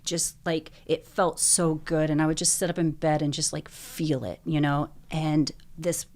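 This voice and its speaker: A woman's voice: low voice, little pitch movement, unhurried, darkish tone. A young adult woman, a podcast guest, telling her personal story in an earnest, emotional way, with many filler likes.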